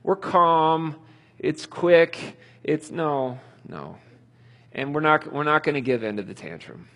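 A man's voice: a little high, animated, takes it slowly, a bit bright. A middle-aged man teaching a parenting class in a casual, anecdotal way, often laughing at his own stories. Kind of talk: conversational Bible-based teaching.

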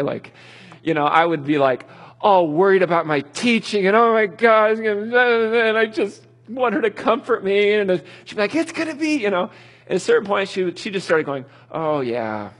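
A man's voice: medium pitch, slightly rough. A middle-aged man teaching a parenting class in a casual, anecdotal way, often laughing at his own stories. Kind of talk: conversational Bible-based teaching.

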